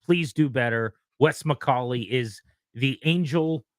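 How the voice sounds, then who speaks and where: A man's voice: medium pitch, slow, no echo, clean studio sound. A man co-hosting sports talk radio, talking in an exasperated, sarcastic way.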